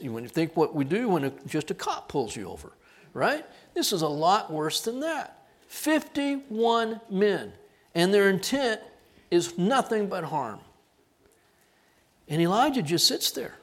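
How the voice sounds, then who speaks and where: Guy preaching, high voice, gets loud then drops way down when he acts out the bible bits. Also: measured pace. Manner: animated, acts out quoted lines with big swings in pitch and loudness. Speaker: pastor. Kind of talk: sermon.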